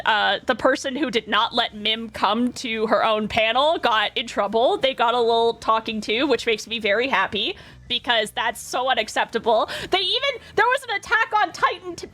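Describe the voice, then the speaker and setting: A woman from Canada, a streamer chatting in a chaotic, excitable way, swearing and breaking into laughter. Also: a little high, normal speed, faint music behind. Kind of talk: casual chat.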